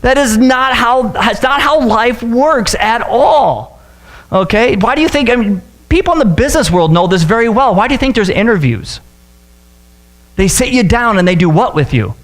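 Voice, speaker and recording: A male pastor preaching a sermon in a casual, joking way, with sudden high-pitched outbursts. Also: animated, normal speed.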